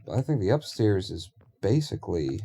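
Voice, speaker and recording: A man's voice: on the low side, very animated, normal speed, vocal fry, dark tone, a little hiss or hum. A man streaming a building game, rambling and thinking aloud in casual talk with offhand swearing.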